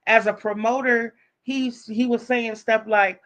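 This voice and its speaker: A woman's voice: a little high, normal speed, hardly any pauses, fairly bright tone. A woman live streamer telling a story in casual, profane talk, acting out the voices of the people she quotes.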